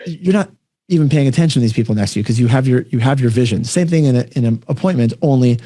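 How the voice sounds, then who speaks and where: A man's voice: mid-range voice, dark tone, no echo, studio quality. A man hosting a podcast interview, explaining ideas with concrete examples and often checking in with "right?". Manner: brisk, explanatory, frequent "right?" check-ins. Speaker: podcast host. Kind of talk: conversational interview.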